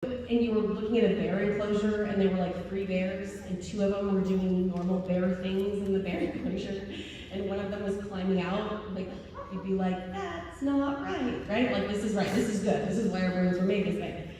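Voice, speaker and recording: A woman's voice: mid-range voice, level tone, normal speed, warm tone, a little hiss or hum. A woman giving a humorous, self-deprecating talk to homeschool parents, often laughing as she speaks. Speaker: convention speaker. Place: large convention hall. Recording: echoey hall from far off.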